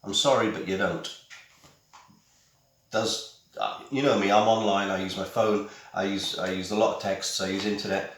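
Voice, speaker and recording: A man's voice: on the low side, fairly even intonation, moderate pace, pauses often, fairly bright tone, reverberant. A middle-aged British man chatting casually through a home unboxing, full of wry, self-mocking asides. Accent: British English. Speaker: tech vlogger. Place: small room at home. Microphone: camera mic.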